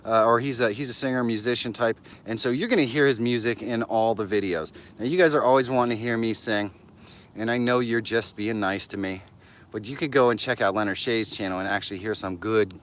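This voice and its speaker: A man hosting a live stream, casually chatting and excitedly greeting viewers by name while walking outdoors, a little out of breath. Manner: enthusiastic, greets viewers by name, jumps in pitch. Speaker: livestream host.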